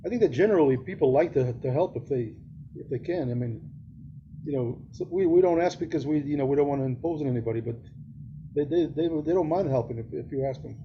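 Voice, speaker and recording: A man's voice: on the high side, quick pace, dull audio, a little hiss or hum. A man co-hosting a podcast in casual chat, rambling and repeating words as he starts sentences. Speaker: podcast co-host.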